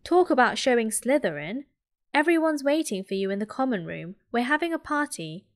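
A woman with a British accent voicing an eager, boisterous schoolboy in a soft whispered role-play. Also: extremely high pitch, sing-song, brisk, exaggerated voice. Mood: excited. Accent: British English. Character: excitable schoolboy, boastful and loud.

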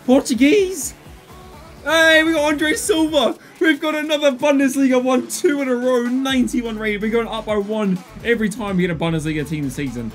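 A young man commentating a video game pack opening with excitable outbursts and groans, calling out to his viewers as lads. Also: very high-pitched, moderate pace, faint music behind. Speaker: gaming YouTuber.

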